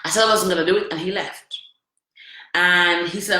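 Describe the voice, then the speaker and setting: Woman vlogger, bright, forceful delivery, recorded in a very echoey room; candid, emphatic storytelling. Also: on the low side, brisk. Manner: emphatic, repeats phrases, asks the listener questions.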